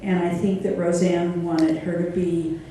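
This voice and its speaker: A woman panel guest answering a question in a thoughtful, measured way. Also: lowish voice, flat delivery, warm tone, a little hiss or hum. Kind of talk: reflective answer. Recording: distant and echoey.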